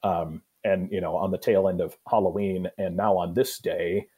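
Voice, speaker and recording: Low, husky-voiced pastor explaining scripture. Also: male voice, steady tone, warm tone. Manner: thoughtful, explanatory, pauses with fillers. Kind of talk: Bible study discussion.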